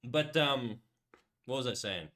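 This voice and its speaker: A man's voice: mid-range voice, lively intonation, unhurried, a bit bright. A male livestreamer chatting casually with his viewers while he draws. He rambles through tangents with constant filler words and casual swearing, in a mid-range voice, and stops now and then to read out chat messages and answer them. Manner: rambling, lots of "like" and restarts, swears. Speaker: livestream host.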